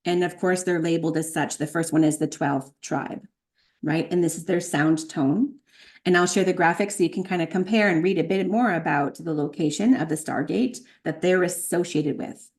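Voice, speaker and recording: A woman teaching a spiritual practice, slowly chanting and repeating sacred sound names, with light laughs at her own slips. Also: fairly low pitch, a little mellow. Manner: chants tone names slowly, then explains briskly. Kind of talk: chanting lesson.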